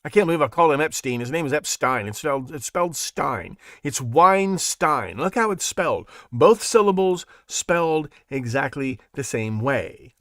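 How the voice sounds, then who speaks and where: A man's voice: on the high side, lively intonation, normal speed, few pauses, no room sound, clean studio sound. A man hosting his own show, talking in a rambling, sarcastic way and laughing at his own jokes. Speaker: podcast host. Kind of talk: casual monologue.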